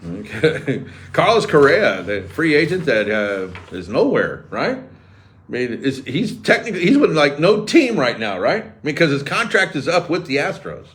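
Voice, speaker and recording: A man's voice: on the high side, normal speed, a little hiss or hum. A man hosting a sports radio show, riffing and joking sarcastically in casual banter. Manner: animated, sarcastic, riffing jokes. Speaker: radio host.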